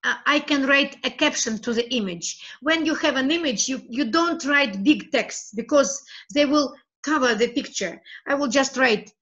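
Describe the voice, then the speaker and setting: A woman from Russia, a teacher talking through a screencast tutorial in a halting way that repeats her words as she clicks. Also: sits high, fairly bright tone, lo-fi sound.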